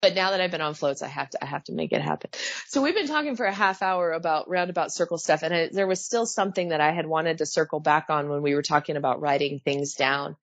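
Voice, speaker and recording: A woman in her thirties talks fast and animatedly on a podcast, breaking into laughter and quoting people in put-on voices. Her voice sits a little low. The sound is dry and a bit dull, close-miked. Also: no room sound. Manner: animated, laughing, mimics others in quoted voices. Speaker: podcast co-host, pilot. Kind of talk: casual podcast chat.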